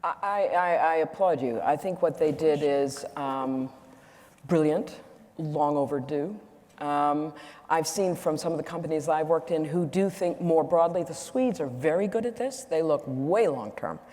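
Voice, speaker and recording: Guest speaker, woman in her 60s; slightly low, candid storyteller who corrects herself, in a reverberant hall. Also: a little slow, mellow. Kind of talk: onstage conversation with anecdotes. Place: event hall.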